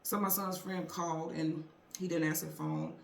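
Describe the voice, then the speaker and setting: A woman's voice: on the low side, fairly even intonation, normal speed, roomy sound, a little hiss or hum. A middle-aged woman hosting a tarot channel, telling a story to viewers in a chatty, earnest way with fillers and restarts. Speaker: tarot reader and channel host.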